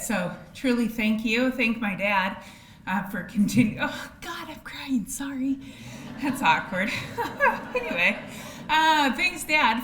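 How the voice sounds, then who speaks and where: Woman giving a halting acceptance speech. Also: mid-range voice, a bit bright. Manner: halting, many fillers, laughing through tears. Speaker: award winner, chamber ambassador. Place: banquet hall. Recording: echoey hall with faint noise.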